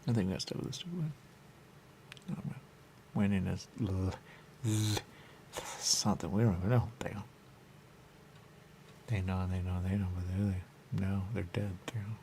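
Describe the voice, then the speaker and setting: A man's voice: deep voice, normal speed, long pauses, mellow, a little hiss or hum. A man co-hosting a radio talk show, joking and rambling in casual banter.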